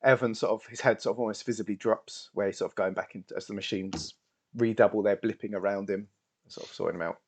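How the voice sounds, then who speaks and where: A man's voice: fairly low pitch, fairly even intonation, fast. A man narrating as game master of a tabletop role-playing game, hesitant and full of "sort of".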